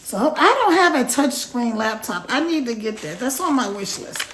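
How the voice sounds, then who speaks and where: A woman's voice: a little high, big pitch swings, normal speed, a bit bright, slight background noise. A middle-aged woman chatting casually on a live stream, rambling and greeting viewers by name.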